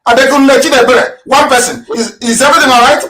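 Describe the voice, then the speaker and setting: A man's voice: very high voice, steady tone, fast talker, a bit bright, reverberant, distant mic. A man hosting a live call-in question and answer, who repeats callers' names and keeps urging them to go ahead. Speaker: host taking callers.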